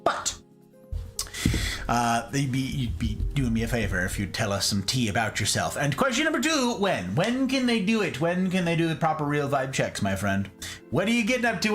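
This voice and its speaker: A man hosting a live stream, chatting casually and greeting his viewers in a playful, animated way. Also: fairly high pitch.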